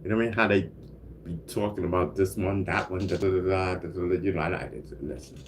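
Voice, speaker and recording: On a single-mic livestream with a noisy background, a man with a low-sitting voice and fairly even intonation talks fast as he chats casually and reads viewer comments. He laughs and coughs frequently, stays laid-back, and repeats "you know what I mean."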